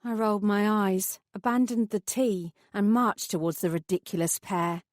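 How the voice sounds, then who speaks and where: A woman's voice: mid-range voice, fairly even intonation, normal speed, a little mellow, no echo, clean studio sound. Woman narrating an audiobook. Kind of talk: scripted narration.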